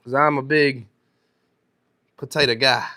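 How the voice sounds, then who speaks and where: A man's voice: medium pitch, fairly even intonation, a little slow, bright, forceful tone. A man with a thick North Carolina accent and a sore throat, chatting casually on a live stream while he works in his workshop and answers viewers' comments. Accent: thick North Carolina Southern.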